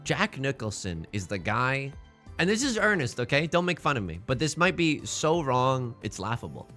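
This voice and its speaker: A young man chatters through a game stream, his pitch bouncing all over in a lively, animated way. His voice is bright and forceful, and he rambles from one goofy joke to the next. Faint music plays underneath. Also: normal speed. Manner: rambling, goofy, jokey asides to chat. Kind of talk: casual live-stream chatter while playing mahjong.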